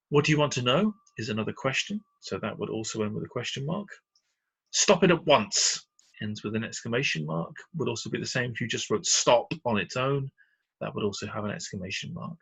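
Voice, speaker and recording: Patient husky British male teacher. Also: lowish voice, pushed and bright, low-quality recording. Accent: British English. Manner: patient, explanatory, frequent "uh" fillers. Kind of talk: recorded slide lesson.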